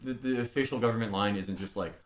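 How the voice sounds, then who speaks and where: A man joining a casual political chat, talking in an animated, excitable way. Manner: animated, fast, swinging between high and low. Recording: roomy, echoey sound.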